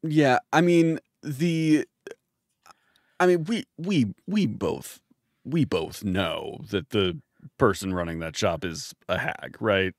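A man co-hosting a live improvised comedy stream, delivering lines in a dry, deadpan way. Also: lowish voice, slow pace, dry recording. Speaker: co-host.

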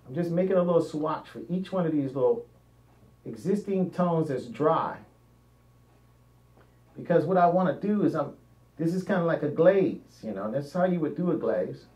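A man's voice: on the high side, lively intonation, moderate pace, pauses often, dark tone. A man narrating a painting demonstration, thinking aloud as he works and often trailing off mid-sentence. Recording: roomy, dull lo-fi sound, mic at a distance.

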